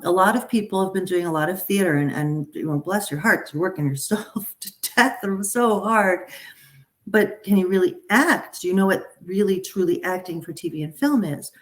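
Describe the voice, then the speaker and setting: A middle-aged woman, a talent agent, talking casually and animatedly to a group. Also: on the low side. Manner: animated, chatty, frequent restarts and asides. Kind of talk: casual live talk to a group.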